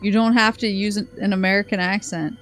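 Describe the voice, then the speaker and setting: A woman's voice: medium pitch, brisk, faint music behind. A young woman streaming a game, rambling casually and reading game text aloud, laughing often. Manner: rambling, animated, laughs a lot. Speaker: vtuber streamer. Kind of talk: casual gameplay chat.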